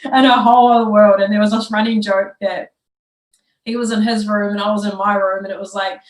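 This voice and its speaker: A woman's voice: medium pitch, little pitch movement, fairly quick. A young woman chats loosely on a podcast, spinning a story between laughs and fillers. Her voice sits in a middle range. The room around her rings with echo. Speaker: guest. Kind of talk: casual podcast chat.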